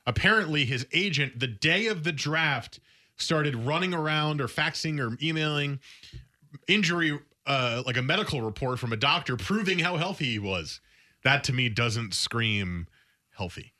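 Bright-voiced opinionated sports radio man. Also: a little high, moderate pace. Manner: animated, opinionated, emphatic. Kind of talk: casual sports radio talk.

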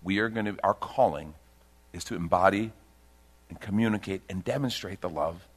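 A middle-aged pastor preaching a sermon to a congregation, delivered with big swings between loud emphasis and quiet intensity. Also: male voice, moderate pace. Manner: dynamic preaching with big swings in pitch and loudness.

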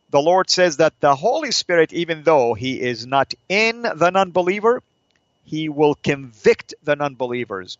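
A man in the host's chair, teaching scripture in an earnest, preacherly voice. He asks rhetorical questions and slows down on the phrases he wants to land. The recording is dry and a little dull. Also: on the high side, fairly bright tone, no echo. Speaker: host of a Christian teaching show. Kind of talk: Bible teaching talk.

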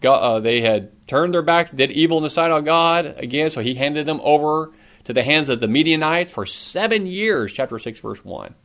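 A man's voice: fairly high pitch, lively intonation, moderate pace, fairly bright tone. A middle-aged man preaching a sermon, earnest, asking his listeners questions, with a cough now and then. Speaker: pastor.

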